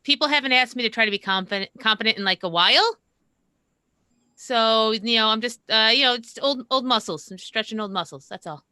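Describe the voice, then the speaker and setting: A woman's voice: on the high side, fairly quick, pushed and bright, no room sound, clean studio sound. A woman playing a tabletop game, rambling and self-mocking in casual chat. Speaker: player.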